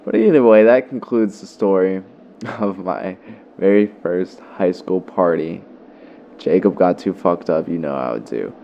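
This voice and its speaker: A man's voice: low-pitched, animated, a little slow, creaky, warm tone, muffled recording, slight background noise. A young man vlogger telling a story in a loose, profane way, full of fillers. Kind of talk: casual storytelling.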